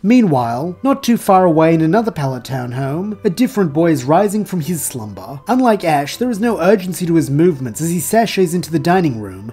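Story narrator, mellow husky voice, lively pitch, faint music behind. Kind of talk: storytelling narration, all in third person.

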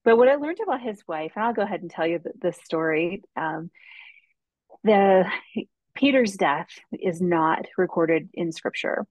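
A woman's voice: fairly low pitch, animated, moderate pace, dry recording, phone-quality sound. A woman guest author telling a faith story in an earnest way on a casual podcast, with frequent ums and restarts.

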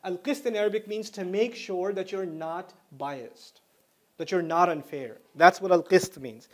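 Casting note: male Islamic lecturer with a high voice, chatty storytelling, quick Arabic recitation. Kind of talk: Islamic lecture to a student audience.

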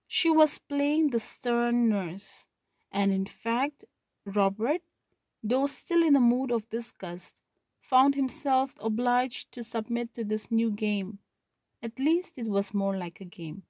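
Brief: woman teacher, higher-pitched voice, reads then retells a story for students. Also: warm tone, dry recording. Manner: reads a passage then paraphrases it, with checking "okay". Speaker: literature teacher. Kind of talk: reading a story aloud and explaining it.

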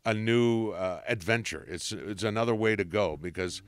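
Lively storytelling man, smooth and dry. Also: on the low side, moderate pace, no echo. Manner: animated storyteller, laughs often. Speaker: voice actor guest. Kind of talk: casual convention interview. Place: convention panel interview.

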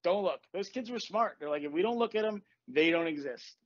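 A man who is a manifestation coach hosts a casual podcast, talking bluntly with tough love and swearing. His voice sits high, is expressive, and runs a little fast. The recording is dry, dull, and lo-fi.

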